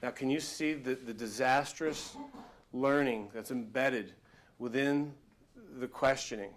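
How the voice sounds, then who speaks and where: A male motivational speaker addresses a workshop audience in a casual, conversational way. His voice sits at an ordinary middle pitch, and he leans into emphasis as he tells his stories. He comes across animated and direct throughout. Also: measured pace. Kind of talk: live motivational workshop talk.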